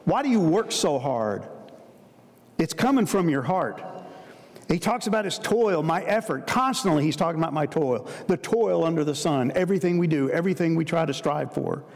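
A man delivering a sermon in a fairly high voice for a man. He speaks earnestly and stacks up short, emphatic repeated phrases. His voice rings with the long reverb of a large hall. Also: animated, normal speed, darkish tone. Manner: earnest, repetitive emphatic phrasing, addresses listeners as guys. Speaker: preacher.

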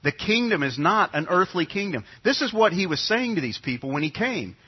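A man's voice: high voice, sing-song, fairly quick, a little hiss or hum. A middle-aged man from New York preaching a sermon as pastor, talking in a conversational way and repeating his key phrases. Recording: dull lo-fi sound.

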